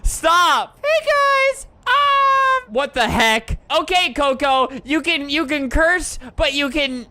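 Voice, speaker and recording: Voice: sits high, slow pace, few pauses, pushed and bright, slight background noise. A video creator giving casual, sarcastic commentary over gameplay. They sound exasperated and laugh often.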